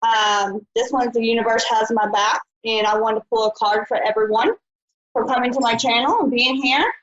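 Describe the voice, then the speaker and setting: A woman's voice: a little high, steady tone, normal speed, fairly bright tone. A woman hosting a live call-in psychic show, chatty and folksy. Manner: chatty, folksy, says honey and y'all. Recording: dull lo-fi live stream.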